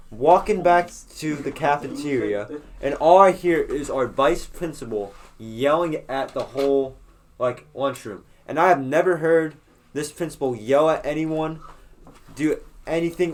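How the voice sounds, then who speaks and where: A man's voice: a little high, a little hiss or hum. A young man on a podcast, telling a rambling school story in casual chat, swearing freely and full of fillers and restarts. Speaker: podcast co-host.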